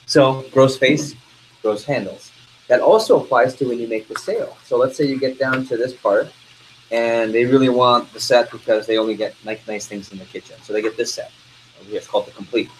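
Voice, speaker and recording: An energetic man leads a sales training class, tossing quick questions at the room and pushing the group to respond. His voice sits at a typical middle pitch, and a faint hiss runs under the recording. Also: poor audio. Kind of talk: interactive training talk.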